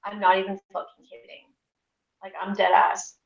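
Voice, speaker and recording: A woman's voice: mid-range voice, completely flat delivery, moderate pace, vocal fry. Chatty, profane woman in an echoey kitchen. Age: 40s. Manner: chatty, profane, self-deprecating. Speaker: streamer. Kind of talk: casual cooking livestream chat. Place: home kitchen. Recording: echoey room, dull lo-fi audio.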